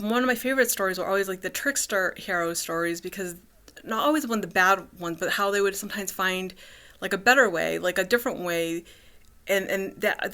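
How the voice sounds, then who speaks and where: Rambling woman vlogger, bright voice. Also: mid-range voice, clean tone. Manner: rambling, many fillers and restarts. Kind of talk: casual personal vlog.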